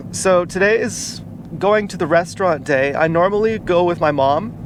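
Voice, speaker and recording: A man telling a personal story in a casual vlog, rambling and halting, with many fillers and restarts. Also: sits high. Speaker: vlogger. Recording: noisy outdoor street recording. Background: car and street noise.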